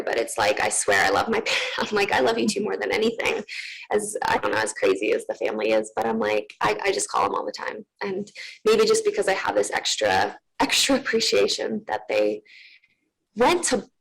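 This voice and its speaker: A woman's voice: medium pitch, big pitch swings, a little fast, creaky, rough recording. A young woman from Russia, a guest in an interview, telling a heartfelt personal story in a candid way full of fillers. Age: young adult.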